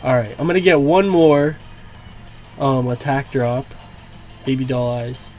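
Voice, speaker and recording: A man's voice: medium pitch, fairly even intonation, a little slow, darkish tone. A young man giving live, reactive commentary on his own gameplay, swearing and groaning at setbacks. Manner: reactive, swearing, frustrated outbursts. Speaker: gaming YouTuber. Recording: faint game music behind.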